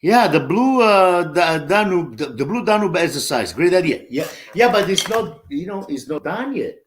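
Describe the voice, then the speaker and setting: A man's voice: high voice, very animated, moderate pace. A man teaching drums live, chatting with viewers and singing the patterns aloud. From Italy. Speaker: drum teacher. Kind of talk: live-streamed drum lesson. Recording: echoey room with faint noise.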